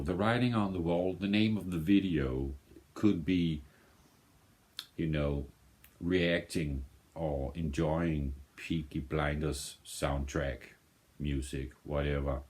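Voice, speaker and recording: A man's voice: extremely low pitch, takes it slowly, darkish tone. A man from Denmark chatting casually in English as a non-native speaker, often restarting and searching for words. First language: Danish. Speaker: vinyl music vlogger. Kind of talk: casual rambling chat.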